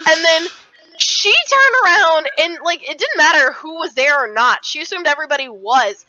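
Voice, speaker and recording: Young woman podcast co-host, chatty storyteller, bright voice, dry dull mic. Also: high voice, normal speed, dry recording. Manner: fillers, swearing, animated retelling. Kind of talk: casual storytelling chat.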